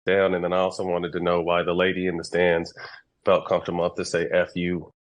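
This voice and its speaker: A man making a public statement, halting and measured as he apologizes. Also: low voice, monotone.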